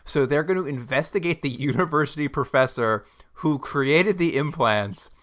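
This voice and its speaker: A man co-hosting a podcast, recapping a TV episode in casual chat, animated and quick to laugh. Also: a little high. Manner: animated, laughs often, jumps into mock quotes. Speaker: podcast co-host.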